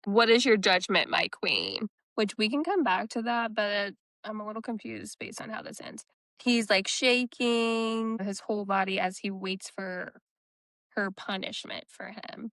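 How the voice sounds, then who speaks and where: A woman's voice: mid-range voice, fairly even intonation, unhurried, fairly bright tone, dry recording. A woman co-hosting a book podcast, recapping chapters in casual chat and quoting the characters' lines in her own voice.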